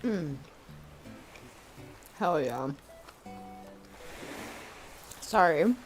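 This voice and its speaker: A soft-spoken woman streamer chatting casually while eating and gaming, murmuring between bites. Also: fairly low pitch, lively intonation, extremely slow, faint music behind.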